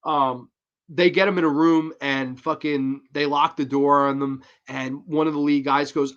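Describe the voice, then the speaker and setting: A man's voice: fairly high pitch, steady tone, a little slow, a bit bright, lo-fi sound. A man hosting a casual show, bluntly and profanely ranting through a horror movie review.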